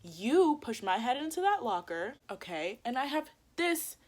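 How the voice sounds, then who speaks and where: A woman's voice: fairly high pitch, very animated, unhurried. Chatty young woman telling a story. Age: young adult. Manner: chatty, emphatic, heavy use of "like". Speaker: vlogger. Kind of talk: casual storytime vlog.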